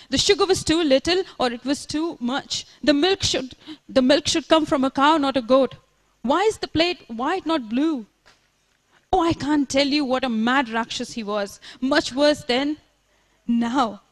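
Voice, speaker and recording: A woman's voice: sits high, animated, measured pace. Woman reading as a fretful, gossipy mother. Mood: rueful. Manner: rambling, dramatic, Hindi words sprinkled in. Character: middle-aged Indian mother, fretful, defensive, chatty. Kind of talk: reading aloud from her book.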